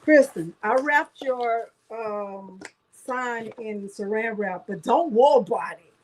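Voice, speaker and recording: Woman, craft livestream host, slightly high voice, chatty, greets viewers by name. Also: takes it slowly, a little mellow, rough recording. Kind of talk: casual livestream chat.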